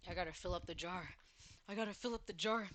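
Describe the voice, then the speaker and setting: A woman voicing a hungry male pet bear in a game, chattering quickly and offhandedly. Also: on the low side, fairly bright tone, pitched below the performer's own voice, close to an everyday voice.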